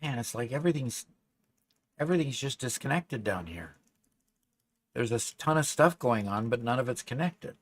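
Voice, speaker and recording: A man's voice: mid-range voice, lively intonation, normal speed, long pauses. A man playing a video game with a friend, thinking aloud with restarts as he works through the game. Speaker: co-player. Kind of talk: casual gaming chat.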